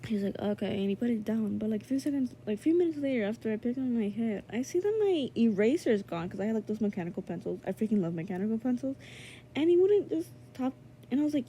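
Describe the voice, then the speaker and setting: Teen girl vlogger, casual storytelling, filler-heavy and indignant, fairly high mellow voice. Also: fast, slight background noise. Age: teenager. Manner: chatty, full of "like" and "um" fillers; indignant, animated retelling.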